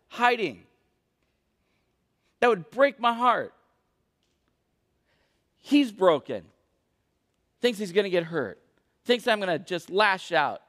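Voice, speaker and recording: A man's voice: sits high, a bit bright. A young adult man preaching a sermon as a pastor, earnest and emphatic. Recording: echoey hall.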